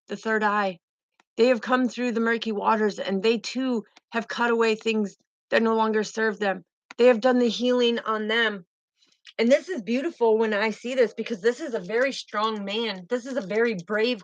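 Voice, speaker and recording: A woman's voice: fairly high pitch, dry recording, muffled recording. A woman giving a spiritual tarot reading in a fervent, emotive way, often repeating herself. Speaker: tarot reader.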